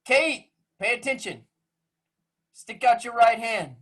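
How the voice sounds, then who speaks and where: A man's voice: extremely high pitch, expressive, slow, sharp tone. Playful male music teacher on a video call. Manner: playful, teasing, joking with young students. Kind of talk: online class instruction. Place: home room on a video call.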